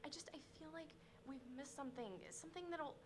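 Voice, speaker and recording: An actress voicing an uneasy young woman in a horror video game, talking in a hushed, nervous way. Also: high voice, fast, natural voice.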